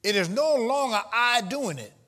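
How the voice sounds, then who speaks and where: A man preaching a sermon to a live congregation, calling out questions, teasing the listeners and rising into shouts. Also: extremely high pitch, animated, moderate pace. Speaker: pastor. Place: church before a live congregation.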